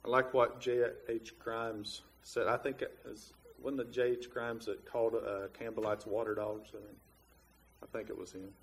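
A man's voice: on the low side, little pitch movement, normal speed, slight background noise. A man preaching a Bible lesson, reasoning through a verse step by step with frequent "uh"s and restarts. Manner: plain, reasoning step by step with many fillers. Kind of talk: Bible teaching sermon.

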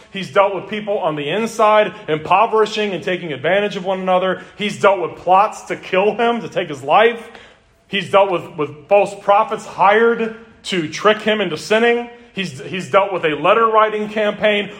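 A man's voice: high voice, fairly bright tone. A man, a pastor, preaching an earnest expository sermon that builds through emphatic repeated lists.

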